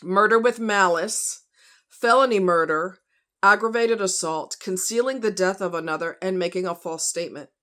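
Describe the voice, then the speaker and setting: Outspoken woman true crime vlogger, casual and heated, talks straight to her viewers, mid-pitched voice. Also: moderate pace, a bit bright. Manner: blunt, outspoken, fired-up; talks to viewers as y'all and honey.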